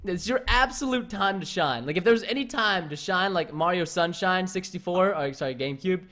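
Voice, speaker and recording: A man's voice: high voice, moderate pace, bright, forceful tone. A young man chatting casually over a game race, rambling with lots of "like" and cheering his opponent on in a playful, teasing way. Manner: filler-heavy rambling with lots of "like". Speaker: gaming YouTuber. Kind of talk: casual gameplay commentary.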